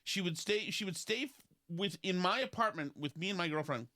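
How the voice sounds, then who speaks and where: A man, hosting a casual podcast and telling rambling stories in which he mimics other people in high voices. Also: lively intonation, a little fast, pushed and bright. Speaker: podcast host. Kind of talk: casual talk show banter.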